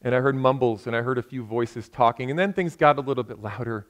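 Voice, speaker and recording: A man's voice: medium pitch, quick pace. A man preaching a sermon in a church, telling a story earnestly and building to impassioned appeals, with frequent restarts.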